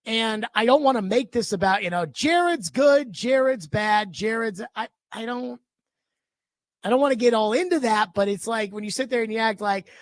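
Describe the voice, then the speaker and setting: A man hosting a sports radio talk show, ranting in an animated, emphatic and indignant way into a studio microphone. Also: high voice, normal speed, no room sound.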